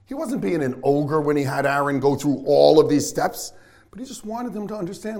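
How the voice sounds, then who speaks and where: Excitable high-voiced male preacher. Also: a little fast. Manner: excitable, questioning the congregation. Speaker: pastor. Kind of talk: sermon.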